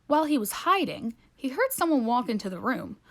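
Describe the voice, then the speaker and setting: A woman reading a children's picture book aloud with playful, expressive narration. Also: a little high, brisk, very noisy. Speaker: storybook reader.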